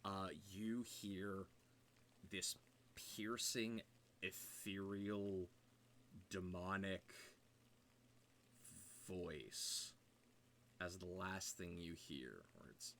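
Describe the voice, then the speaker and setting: Man, game master, slow hushed narration, low pitch, faint background noise. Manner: slow, hushed scene-setting with fillers.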